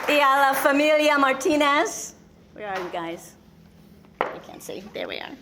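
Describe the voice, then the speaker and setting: Middle-aged mother of the bride, light joking welcome, slightly high voice. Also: lively intonation, moderate pace, crowd noise, noisy background. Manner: self-deprecating and chatty, reading a welcome partly in Spanish. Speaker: mother of the bride giving a wedding speech. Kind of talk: wedding reception speech.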